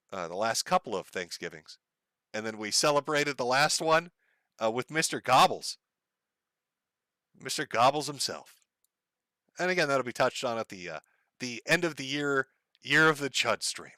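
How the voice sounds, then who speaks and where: A man's voice: mid-range voice, very animated, moderate pace, pauses often, pushed and bright, no room sound. A man hosting a casual livestream, rambling and swearing and laughing often. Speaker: livestream host.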